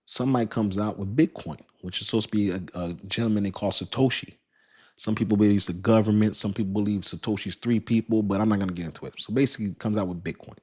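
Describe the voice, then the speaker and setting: A man's voice: on the low side, steady tone, fast talker, darkish tone. A man hosting a crypto video, talking casually in a loose, rambling, slangy way and laughing often. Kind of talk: casual talk to camera.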